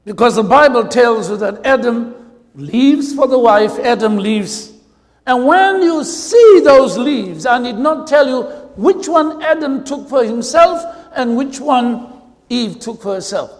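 A South African man preaching a sermon as pastor, telling humorous stories with drawn-out emphasis, in a church hall. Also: very high voice, expressive. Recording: long hall reverb.

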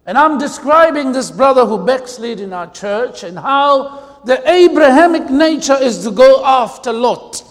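A South African man preaching with a very high voice, his words ringing in a long hall reverb. He tells funny stories from the pulpit and stretches out key words for effect. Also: animated. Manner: humorous storytelling with drawn-out emphasis. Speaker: pastor. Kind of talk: preaching a sermon.

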